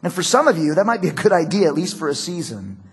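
Male pastor, middle-aged, husky tone, relaxed storytelling sermon delivery. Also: on the high side, quick pace. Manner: conversational, storytelling with acted quotes.

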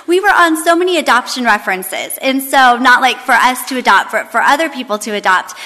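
A woman in her thirties with a high, bright voice talks to a women's group in a chatty, rambling way. She leads a Bible study, and her voice carries a long hall reverb. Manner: chatty, many fillers and restarts. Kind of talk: casual storytelling to a women's group.

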